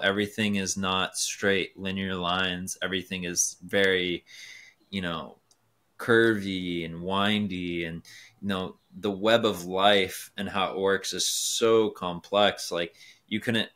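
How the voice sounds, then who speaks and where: A man in his twenties, a race car driver appearing as a guest, talks earnestly and philosophically in a casual podcast conversation, leaning on fillers like "you know" and "like." His deep voice keeps a steady tone at a measured pace and sounds fairly bright.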